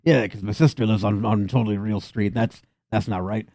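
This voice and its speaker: A man's voice: lowish voice, steady tone, fairly quick, gravelly, warm tone, no echo. A man voicing a stammering orc clerk. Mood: flustered. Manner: stammering, flustered agreement. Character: nervous male orc bank clerk, eager to please.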